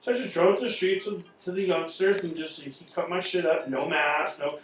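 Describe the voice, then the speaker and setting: A man talking in a casual chat, animated and swearing often, acting out quoted people as he rants. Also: fairly high pitch, a little fast, heavy reverb, distant mic, a little hiss or hum, rough recording. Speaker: podcast host.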